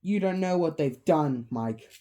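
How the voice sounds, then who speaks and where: A woman's voice: deep voice, expressive, mellow. A woman voicing a grave, frightened young woman. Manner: grave, drawn-out warnings.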